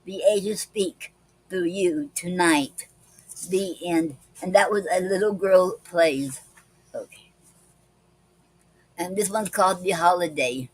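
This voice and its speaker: Slow, careful woman reading poetry. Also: fairly low pitch, slightly rough, no room sound, rough recording. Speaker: poetry club host. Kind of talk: reading poems and a word lesson on a livestream.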